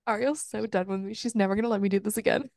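Racing along in a creaky, medium-pitched voice, a podcast co-host recaps a book casually, animated and swearing amid lots of laughter. The recording is dry with clean studio sound.

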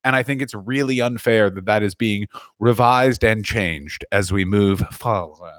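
A man's voice: lowish voice, unhurried, a bit bright. A man co-hosting a comedy podcast, talking in a crude, rambling, joking way from the corner of his living room. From Canada. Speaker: podcast co-host. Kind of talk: casual comedic chat.

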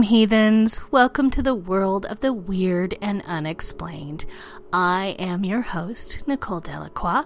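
A woman's voice: mid-range voice, a bit bright. A woman hosting a spooky storytelling podcast in a playful, theatrical way, dropping into whispers and laughing at herself. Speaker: podcast host.

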